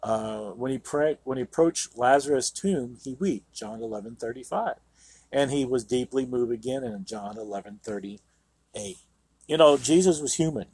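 Husky-voiced man preaching on radio. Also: medium pitch, normal speed, darkish tone, dry recording. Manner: earnest, emphatic, with frequent "you know". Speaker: radio show host and Bible teacher. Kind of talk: Bible reading with sermon commentary.

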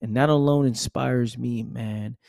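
A man's voice: medium pitch, fairly even intonation, unhurried, vocal fry, darkish tone, no echo, clean studio sound. A man giving an emphatic motivational monologue, repeating himself and dropping "right?" and "man" asides. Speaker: motivational speaker.

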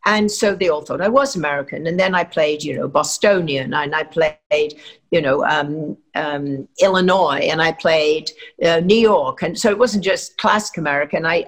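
An older woman from England with a standard southern English accent, telling stories from her acting career with many fillers and restarts. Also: lowish voice. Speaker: actress guest. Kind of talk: anecdotal interview talk.

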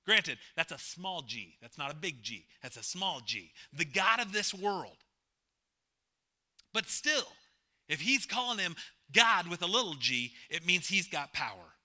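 Here a man delivers a sermon as pastor, his voice on the high side, sing-song and a little slow. Emphatic by turns, he goes from booming to quiet, repeats his main lines, asks questions and shares jokes with the people in the pews.

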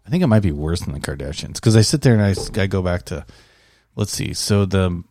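A man's voice: sits low, animated, a little fast, darkish tone, no echo. A man hosting a casual podcast chat, reading out news items and laughing often. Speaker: podcast host.

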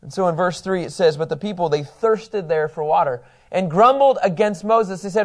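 A man's voice: sits high, brisk, hardly any pauses. A man teaching a Bible study in a conversational, enthusiastic way, acting out quotes.

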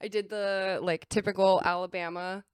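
A chatty young woman from California talks as a podcast guest, leaning on fillers and breaking into laughs. Her voice sits at an ordinary middle pitch. The sound is dry and close, with no room around it. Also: flat delivery, normal speed, clear, resonant tone, dry recording. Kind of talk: casual podcast chat.

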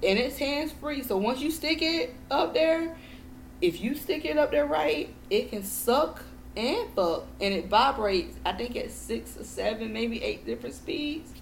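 A woman's voice: fairly high pitch, lively intonation, a little slow, gravelly. A woman co-hosting a podcast, telling stories with lots of swearing and laughter. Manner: profane, storytelling, laughing often. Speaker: podcast co-host. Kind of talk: casual chat. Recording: echoey room, faint noise.

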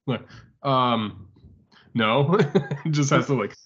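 A man's voice: medium pitch, drawn-out words, a bit bright. A man in casual chat as a podcast co-host, laughing often and chiming in, with some cursing. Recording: slightly dull recording.

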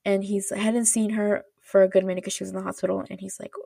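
Gravelly-voiced woman chatting casually. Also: mid-range voice, level tone, fast talker, mellow, no room sound, studio quality. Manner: rambling, filler-heavy, laughs often. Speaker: podcast host. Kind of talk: casual chatty drama recap.

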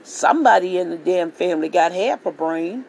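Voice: medium pitch, lively intonation, moderate pace, vocal fry, darkish tone, slight background noise, rough recording. A vlogger delivering a heated political rant monologue, swearing freely and repeating phrases for emphasis. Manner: profane, repetitive, heated ranting.

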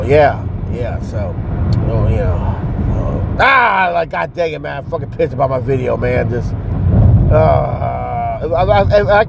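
A man's voice: fairly high pitch, creaky. Rambling, cursing man ranting in a car. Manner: rambling, profane, frustrated. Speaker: social media creator. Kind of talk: casual vlog rant while driving. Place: in a car on the road. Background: faint car noise.

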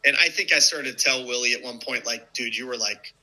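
A man in his fifties tells old stories in a loose, casual way, full of fillers. His voice is very bright and forward. When he quotes someone, his pitch jumps sharply. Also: brisk, rough recording. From United States. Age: 50s. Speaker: former baseball player, guest. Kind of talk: casual storytelling.

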